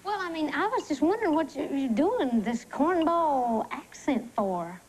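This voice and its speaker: Teasing high-voiced Southern woman host. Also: lively intonation, a little slow, darkish tone. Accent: Tennessee Southern. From Tennessee. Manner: teasing, folksy, giggly. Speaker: variety show host. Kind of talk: scripted TV variety comedy. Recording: noisy 1980s TV broadcast tape.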